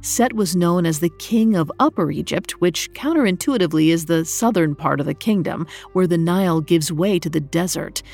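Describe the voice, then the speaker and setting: A woman narrates a myth in a scripted, measured and dramatic way. Her voice sits low, with a gravelly, creaky texture throughout. She has the steady pacing of a prepared storytelling reading.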